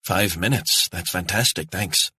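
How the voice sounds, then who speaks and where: A man with a low, slightly rough voice, a little slow, pushed and bright, puts on an exaggerated voice for a young, educated Scottish woman. She's stranded and apologetic, pleading earnestly with rising urgency.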